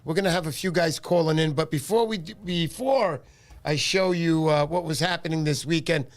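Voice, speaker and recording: A man's voice: fairly high pitch, moderate pace. A man hosting a casual fishing livestream, tired, greeting viewers by name in a friendly way.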